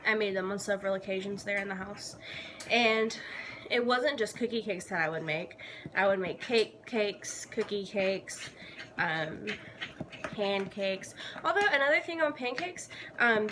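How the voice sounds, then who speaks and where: A woman's voice: medium pitch, animated, normal speed. Bubbly young woman rambling while she bakes, self-mocking, noisy home recording with clicks. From Georgia, USA. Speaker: vlogger. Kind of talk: casual chat while baking.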